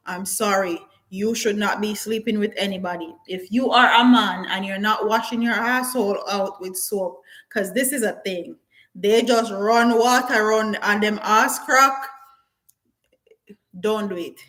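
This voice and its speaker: A woman's voice: medium pitch, steady tone, unhurried, a bit bright, poor audio. A woman, chatting bluntly on a live stream and reading viewer comments aloud, with patois turns of phrase and frequent laughs. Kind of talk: casual live-stream chat.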